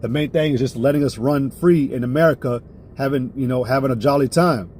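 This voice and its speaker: A man teaches a live-streamed religious lesson in a heated, profane style, repeatedly checking in with "all right?" He flares up loudly and then reins himself back in. His voice is mid-range and fairly quick, with a little hiss or hum in the recording.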